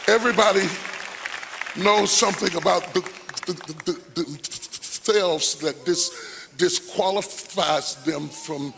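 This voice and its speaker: A man's voice: sits high, a little slow, gravelly, long reverb tail, a crowd in the background, noisy background. A male preacher giving a sermon, emphatic and rhetorical, with repeated questions and phrases.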